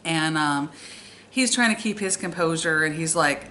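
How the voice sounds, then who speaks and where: A young woman with a bright, forceful voice sitting a little low in pitch. She tells a story from her own life with animated exasperation. There is a faint hiss of background noise. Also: normal speed. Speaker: storytime vlogger. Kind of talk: casual storytelling.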